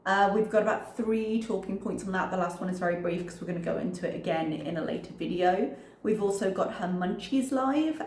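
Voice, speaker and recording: A woman hosts a reaction video, setting up the clips in a casual, conversational voice with a few hesitant fillers. She speaks at a middle pitch, and her voice rings out in a roomy, echoey space. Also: a little mellow. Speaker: reaction channel host. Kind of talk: casual commentary intro.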